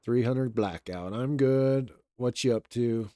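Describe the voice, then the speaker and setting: A young man streaming and chatting casually with viewers in a relaxed, rambling way, his voice a little raw today. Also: mid-range voice, a little slow, few pauses, no room sound, clean studio sound. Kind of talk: casual live-stream chat.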